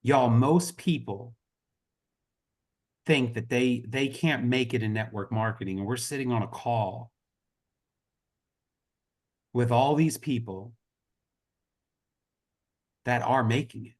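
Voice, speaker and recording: A man's voice: mid-range voice, takes it slowly, long pauses, a little mellow. Earnest impassioned man rallying a team. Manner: earnest, impassioned, repeats "y'all". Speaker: network marketing team leader. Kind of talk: motivational talk on a group call.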